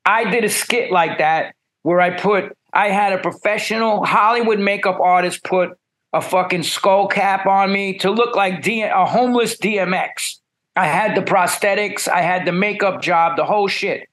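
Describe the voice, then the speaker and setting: A middle-aged man, telling stories as a musician guest in a blunt, profane and animated way. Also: high-pitched, normal speed. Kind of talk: casual storytelling.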